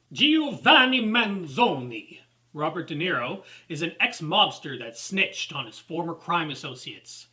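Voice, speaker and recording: A man's voice: fairly high pitch, bright, forceful tone, rough recording. A man reading a scripted movie review, critical and sarcastic. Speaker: film reviewer.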